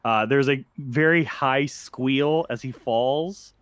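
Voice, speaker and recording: A man running a tabletop game at a middle pitch, talking in a loose, meandering way with plenty of fillers. The recording is dry and close, with no room sound around him. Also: takes it slowly, fairly bright tone, no room sound. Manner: casual, filler-heavy narration. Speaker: game master.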